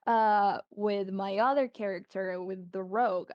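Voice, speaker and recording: A woman's voice: medium pitch, fairly even intonation, measured pace, no echo. A woman in a casual group chat, speaking in a hesitant, stop-start way about the voices she uses as a tabletop game player. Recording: dull dry mic.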